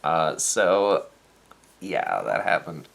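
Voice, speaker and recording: Deep-voiced young man telling a story. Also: extremely slow, creaky. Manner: animated, acts out quoted people in the story; turns soft and earnest on serious topics. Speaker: vlogger and dance teacher. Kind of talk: casual storytelling vlog.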